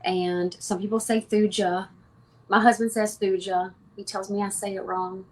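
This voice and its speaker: A woman speaking as a homeopath guest in an interview, giving advice in a calm, matter-of-fact, instructive way. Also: mid-range voice, a little fast.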